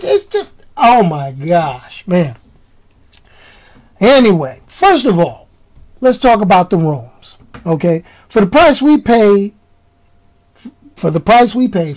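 Emphatic woman vlogger, slangy, repeats herself for punch, mid-pitched casual rant. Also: poor audio. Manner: emphatic, repeats key lines, slangy and animated.

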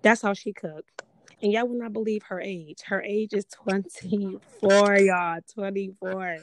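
A woman's voice: medium pitch, fairly even intonation, a little slow, no echo. A woman hosting a casual podcast, chatty and repeating herself for emphasis as she talks straight to her listeners. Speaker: podcast host.

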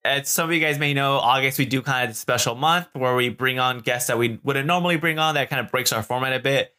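A man's voice: medium pitch, fast, pushed and bright. A man co-hosting a podcast, chatting casually with many fillers and easy laughter. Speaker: podcast co-host. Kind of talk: casual chat.

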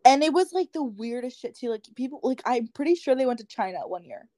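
A woman's voice: sits high, expressive, quick pace, warm tone, dry recording. Chatty young woman, dry close mic. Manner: chatty storyteller, acts out dialogue, many "like"s. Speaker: podcast co-host. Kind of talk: casual chat.

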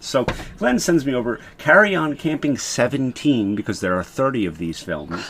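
A man, a podcast co-host, chatting casually in an animated, laughing, rambling way. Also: medium pitch, normal speed, hardly any pauses, a little hiss or hum. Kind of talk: casual chat.

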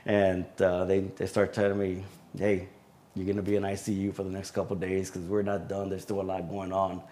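Male deputy guest, slightly low-pitched, halting fillers, casual interview telling. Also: completely flat delivery, dark tone. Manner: halting recounting with frequent fillers.

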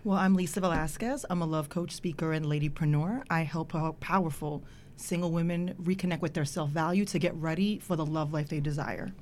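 A woman's voice: low voice, steady tone, brisk, darkish tone, a little hiss or hum. A woman speaking as a love coach guest on a podcast, upbeat and encouraging. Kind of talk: casual podcast chat.

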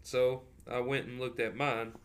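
A man's voice: mid-range voice, flat delivery, a little slow, fairly bright tone. A man in his thirties co-hosting a podcast, laid-back, reading items aloud and chatting. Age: 30s. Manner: laid-back, reads items out to the other host. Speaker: podcast co-host. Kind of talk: casual chat.

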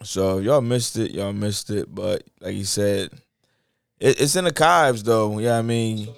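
A man co-hosting a podcast in laid-back, halting chat, laughing often. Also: lowish voice, gravelly, clear, resonant tone, no echo. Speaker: podcast co-host. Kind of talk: casual chat.

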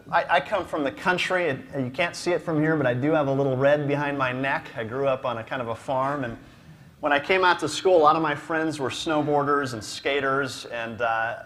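A man's voice: fairly high pitch, a bit bright. A man speaking to a ministry gathering, telling a humorous story with a self-deprecating manner, laughing often and restarting his sentences.

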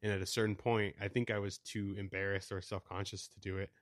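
Low-voiced, swearing young podcast co-host. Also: male voice, level tone, a little fast, dry recording, clean studio sound. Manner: laid-back, swears a lot, laughs often. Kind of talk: casual chat.

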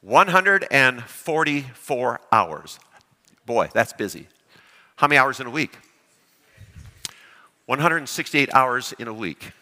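A man preaching a sermon, lively and animated, often putting questions to his congregation. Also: medium pitch, slow pace, pauses often, long reverb tail. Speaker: pastor.

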